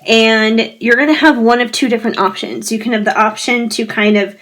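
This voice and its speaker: A woman giving a pick-a-card tarot reading, gentle and reassuring, talking straight to her viewers while her voice keeps fading and she often clears her throat. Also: a little high, fairly even intonation, fairly quick. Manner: gentle, musing, reassuring, speaks directly to viewers.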